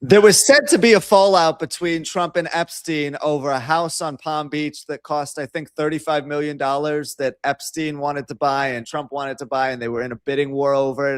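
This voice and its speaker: A man's voice: mid-range voice, steady tone, normal speed, clear, resonant tone, no room sound. A man with a Brooklyn accent, co-hosting a casual political talk show, giving long, confident, opinionated explanations. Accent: New York, Brooklyn. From North Brooklyn, New York City. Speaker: co-host and producer.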